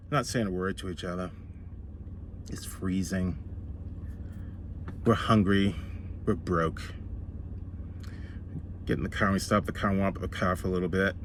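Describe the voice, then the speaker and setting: A man telling a comic story in a casual, animated way, slowing down for dramatic effect. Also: low-pitched, a little hiss or hum.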